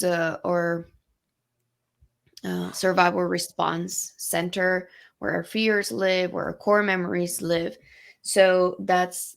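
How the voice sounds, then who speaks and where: Gravelly low-voiced woman explaining casually. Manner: explains brain science plainly, many fillers and restarts. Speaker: podcast co-host.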